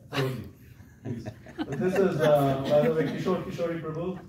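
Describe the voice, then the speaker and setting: Male lecturer, chatty storytelling style, heard from far off in a booming room with background noise. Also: normal speed. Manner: conversational, keeps checking with the audience. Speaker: visiting lecturer. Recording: echoey hall, far from the mic, audible noise.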